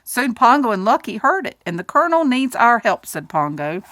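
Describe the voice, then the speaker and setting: A woman's voice: on the high side, very animated, moderate pace, fairly bright tone. A woman reading a children's picture book aloud, doing voices for the characters and adding little asides to her listeners. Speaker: storybook reader.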